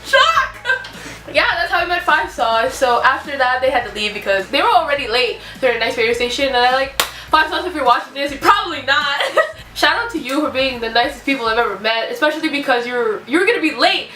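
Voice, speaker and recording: A young woman gushes through a story in a high voice, giggling and breathless with excitement. Her voice bounces off the walls of a room, and she sits some way from the mic. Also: fairly quick, slight background noise. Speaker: vlogger telling a story. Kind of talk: excited story time chat. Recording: echoey room, mic at a distance.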